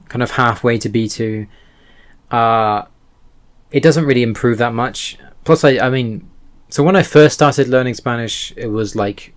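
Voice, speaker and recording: A man casually chatting to camera about his language levels, rambling and correcting himself often. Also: medium pitch. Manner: rambling, self-correcting, self-deprecating. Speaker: language learning vlogger. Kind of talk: casual talking-head vlog.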